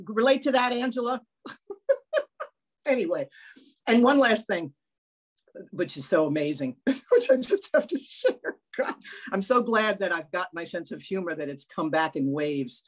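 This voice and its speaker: A woman's voice: on the low side, normal speed. Candid older woman sharing on a video call. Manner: candid, self-mocking, animated, laughs often. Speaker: workshop participant.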